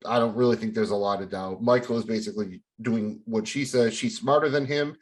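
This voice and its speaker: A man with a somewhat low voice who co-hosts a podcast. He talks in casual chat, stringing long explanations together with plenty of "you know" and "like.". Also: steady tone, fairly quick. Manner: explains in long run-on sentences with many fillers. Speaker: podcast co-host.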